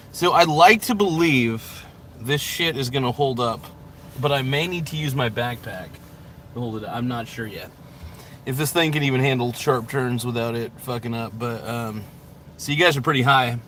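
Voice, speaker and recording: A man's voice: mid-range voice, a little slow, long pauses, bright, forceful tone, slight background noise. A man rambling and joking crudely with lots of swearing while he vlogs live from inside his car, talking to a camera mounted in the car. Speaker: vlogger. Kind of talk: casual live-stream vlog while driving.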